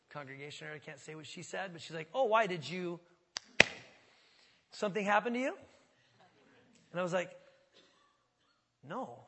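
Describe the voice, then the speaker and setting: A man's voice: sits high, slightly rough. Earnest male pastor preaching in a reverberant hall. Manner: earnest, swings from hushed to fervent. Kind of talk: sermon. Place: church sanctuary.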